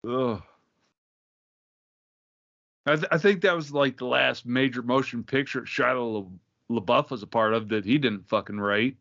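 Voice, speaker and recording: A man's voice: medium pitch, unhurried, vocal fry, long pauses, a bit bright, muffled recording. A man co-hosting a podcast, talking casually with frequent swearing and emphasis. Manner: profane, emphatic. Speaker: podcast co-host. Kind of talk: casual chat.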